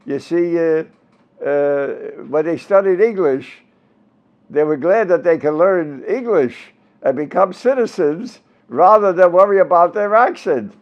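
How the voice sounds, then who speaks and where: A man's voice: on the high side, a little slow, highs cut off. A man in his nineties with a Brooklyn accent, telling old stage stories in an interview and slipping into comic voices. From Brooklyn, New York. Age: 90s. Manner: animated storyteller, bursts into comic voices and sung bits. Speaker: interviewed performer. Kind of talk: casual interview with comic impressions.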